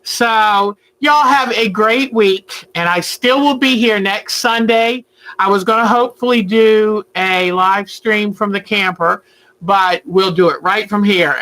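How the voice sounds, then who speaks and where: A woman, hosting a casual home livestream and chatting warmly with viewers about her day. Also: medium pitch, poor audio. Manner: chatty, talks baby talk to her pet bird. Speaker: quilting channel host. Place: at home, indoors.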